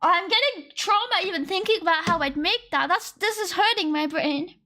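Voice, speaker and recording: Faint lofi music sits behind this casual live-stream chat, where an Australian woman codes while talking in a very high, pushed, bright voice at a brisk clip. She rambles, pokes fun at herself, and laughs a lot.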